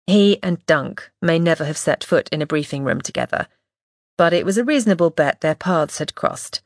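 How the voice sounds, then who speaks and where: A woman reading a first-person audiobook in a measured, wry, observant way, close to the mic. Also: deep voice, animated, no room sound. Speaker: audiobook narrator.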